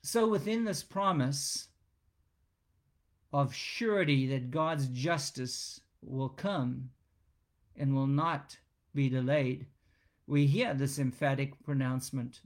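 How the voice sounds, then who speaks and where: Slow, emphatic man preaching a sermon. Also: mid-range voice. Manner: slow, emphatic, repeats phrases for stress. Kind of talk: expository sermon.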